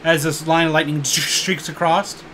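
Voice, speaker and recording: A man's voice: fairly high pitch, little pitch movement, moderate pace, bright, forceful tone, slight background noise. A man narrating a tabletop game as dungeon master, calling out attacks and damage between chuckles. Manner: calls rolls and damage with chuckles.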